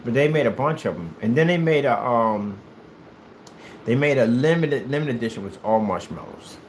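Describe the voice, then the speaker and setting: Animated man with a very lively voice. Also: medium pitch, moderate pace, a little hiss or hum. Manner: animated, rambling storytelling; hyperactive. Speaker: gaming streamer. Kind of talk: casual chat while playing.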